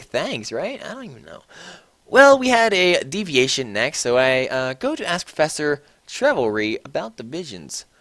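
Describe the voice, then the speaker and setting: A man's voice: fairly high pitch, fairly bright tone, no echo. A man giving a mocking, exaggerated comedic reading of fan fiction, swearing freely. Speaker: reader.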